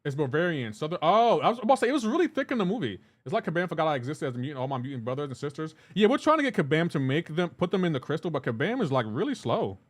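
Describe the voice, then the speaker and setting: A man's voice: on the high side, very animated, racing, few pauses. A man live streaming a game, talking loosely with his chat and greeting viewers by name. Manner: talks to chat viewers while playing, loose and chatty. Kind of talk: casual live-stream chat reading comments.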